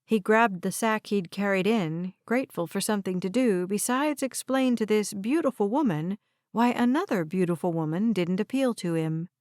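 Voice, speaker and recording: A woman reading audiobook narration in an even, measured way. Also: medium pitch, no room sound, studio quality.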